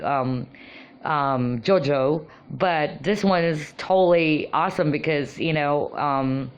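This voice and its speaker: A woman vlogger casually telling her own experiences, with many fillers and lots of excitement. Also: sits low, lo-fi sound. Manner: animated, many fillers like "you know" and "um". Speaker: vlogger sharing personal experiences. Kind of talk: casual personal storytelling.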